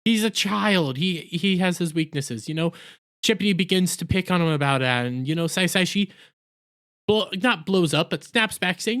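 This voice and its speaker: A man with a somewhat high voice talks through an anime episode in a loose, unscripted way. He rambles, fills gaps with "uh" and "you know," and keeps correcting himself as he goes. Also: moderate pace, a bit bright. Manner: rambling, with frequent fillers and self-corrections. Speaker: anime reviewer. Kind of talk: casual episode recap.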